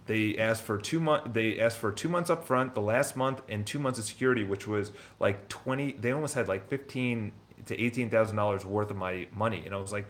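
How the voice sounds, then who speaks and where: A real estate broker and business owner telling his story in casual, rambling talk, blunt and quick to swear. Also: on the low side.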